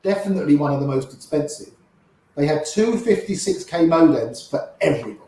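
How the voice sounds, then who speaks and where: An older man, an interview guest, telling lively anecdotes and acting out the voices of the people in them. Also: on the high side, brisk, very echoey, low-quality recording. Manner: lively raconteur, acts out quoted voices. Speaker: interview guest, poker player. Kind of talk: anecdotal storytelling.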